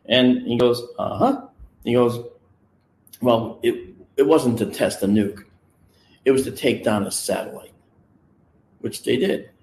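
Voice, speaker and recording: A man's voice: mid-range voice, unhurried, pauses often, a little mellow. Guy telling a wild story, acts out all the quotes, mid voice, roomy echo. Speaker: guest recounting a personal experience. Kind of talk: casual storytelling. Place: on location, indoors.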